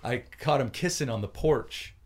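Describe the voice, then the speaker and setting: With a mid-range voice at a moderate pace, a man co-hosts a laid-back podcast conversation. He tells stories animatedly and plays out other people's quotes.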